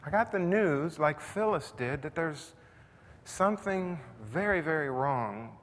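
A man's voice: fairly high pitch, expressive, measured pace, fairly bright tone. A man preaching a sermon in a conversational style that builds to intense emphasis. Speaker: pastor. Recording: long reverb, faint noise.

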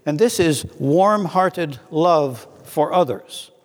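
A man preaching a sermon in an earnest way, slowing down to read scripture aloud. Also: fairly high pitch, animated, in a large hall.

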